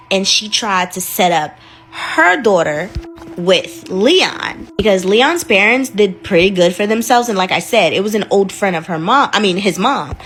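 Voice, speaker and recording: A woman's voice: mid-range voice, a bit bright, slight background noise. Chatty woman telling a dramatic story. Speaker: channel host, storyteller. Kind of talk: casual storytime narration.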